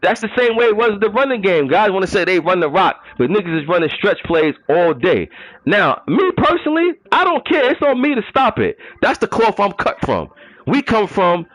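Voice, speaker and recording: A New man holds forth in a long rant as a gaming league commissioner. His voice sits a bit high and swings widely in pitch. He repeats himself for emphasis, leans on street slang and fires off mocking rhetorical questions. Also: sing-song, moderate pace, fairly bright tone, dry recording, muffled recording. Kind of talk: ranting monologue.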